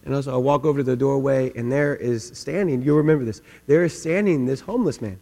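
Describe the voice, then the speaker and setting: A male pastor preaching a sermon, telling stories and swinging from quiet asides to loud, emphatic questions. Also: mid-range voice, fast talker, gravelly. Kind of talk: sermon with storytelling. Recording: long hall reverb with mains hum.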